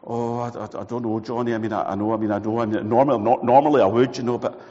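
A man's voice: mid-range voice, steady tone, fast, mellow, voice pushed down, lightly acted. A man voicing a boastful male friend who stammers when he backs out of his promise. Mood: awkward. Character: boastful male friend offering loans, then backing out. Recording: dull recording with long hall reverb.

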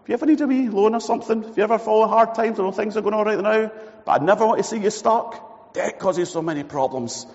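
A man's voice: sits high, quick pace, a little mellow, voice pushed up. A man voicing a boastful male friend who stammers when he backs out of his promise. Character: boastful male friend offering loans, then backing out. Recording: dull recording with long hall reverb.

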